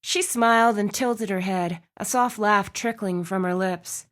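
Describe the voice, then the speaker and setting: Female audiobook narrator, expressive, mid-pitched, steady storytelling. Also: measured pace, hardly any pauses. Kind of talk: scripted narration.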